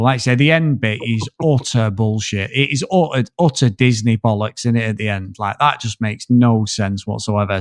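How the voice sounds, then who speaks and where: A man's voice: mid-range voice, no echo, studio quality. A man co-hosting a casual film review podcast, blunt and sweary, ranting about a movie he dislikes. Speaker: podcast co-host reviewing films.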